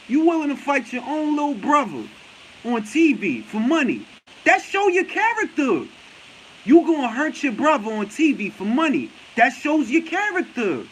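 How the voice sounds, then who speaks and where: Fired-up high-voiced man ranting. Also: slight background noise, poor audio. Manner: animated, profane, emphatic repetition. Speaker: boxing talk show host. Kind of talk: casual chat, heated rant.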